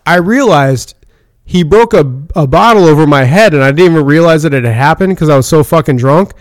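A man's voice: fairly high pitch, lively intonation, brisk, dry recording, studio quality. A man telling a rambling, profane drinking story in casual chat, with lots of restarts. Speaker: podcast co-host.

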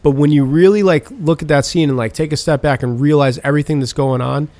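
A man's voice: on the high side, fairly even intonation, quick pace, darkish tone, no echo. A man in casual chat, animatedly retelling film scenes with lots of swearing and filler. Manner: profane, rambling storytelling.

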